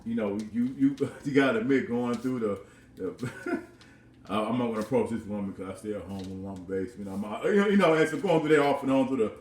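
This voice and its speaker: A man in his thirties, vlogging from his own house, tells a personal story in a casual, rambling way, repeating words and chuckling often. His voice is medium-pitched, somewhat mellow and fairly quick. He sits far from the mic, so the sound is roomy.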